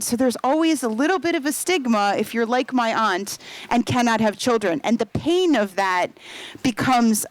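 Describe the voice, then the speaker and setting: Chatty woman novelist, bright and dry. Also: fairly high pitch, dry recording, poor audio. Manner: talkative, with frequent fillers and laughs. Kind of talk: live book talk. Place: event room before an audience.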